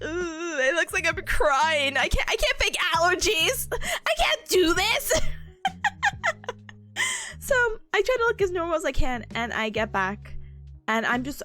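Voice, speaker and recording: Animated high-voiced young woman telling a story. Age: young adult. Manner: animated, laughing often, acting out her own past lines. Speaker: study stream host. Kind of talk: casual storytelling to stream viewers. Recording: faint music behind the voice.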